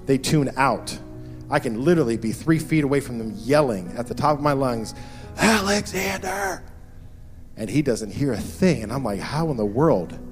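A man's voice: mid-range voice, fairly quick, darkish tone, soft background music. A man in his thirties preaching a sermon as pastor, earnest and repeating key phrases for emphasis.

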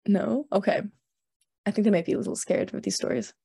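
A woman's voice: mid-range voice, lively intonation, fairly quick, gravelly, mellow, husky, no echo, studio quality. A young woman hosting a casual livestream, chatting and reading scary stories aloud with frequent giggles. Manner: giggly, chatty, reads with laughs. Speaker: stream host.

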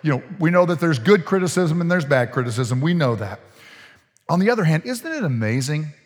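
Folksy pastor preaching in a reverberant hall. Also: male voice, on the high side, very animated, fairly quick. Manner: conversational, folksy preaching with laughs and restarts. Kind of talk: sermon. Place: church sanctuary.

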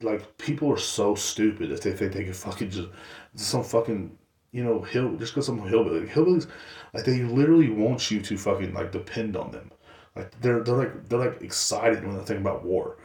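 Male podcast host, lowish voice, loose profane rambling delivery, roomy echo. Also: normal speed, a little mellow. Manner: rambling, profane, filler-heavy. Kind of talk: casual solo podcast rant.

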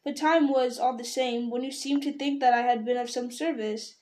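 A woman's voice: fairly high pitch, fairly even intonation, moderate pace, a little mellow, close to an everyday voice. A woman reading aloud, voicing a small, fussy male hobbit who is flustered and politely indignant.

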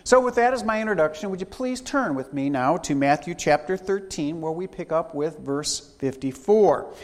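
High-voiced preacher in a reverberant church. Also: male voice, expressive. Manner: unhurried, emphatic preaching with long pauses. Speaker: pastor. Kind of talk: sermon. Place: church sanctuary. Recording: long hall reverb.

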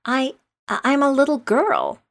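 A woman's voice: medium pitch, big pitch swings, moderate pace. A woman voicing a polite, bewildered little girl who protests earnestly and gets flustered, in a storybook reading.

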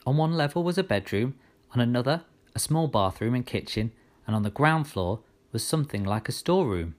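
A man's voice: mid-range voice, brisk. Man narrating a storybook. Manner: steady first-person storytelling.

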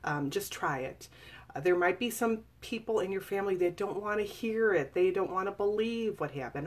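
A woman's voice: mid-range voice, animated, normal speed. A woman in her forties sharing a personal story in an earnest, confiding way, speaking casually with fillers and restarts. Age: 40s. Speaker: author reading and discussing her memoir. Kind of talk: personal testimony, casual live talk.

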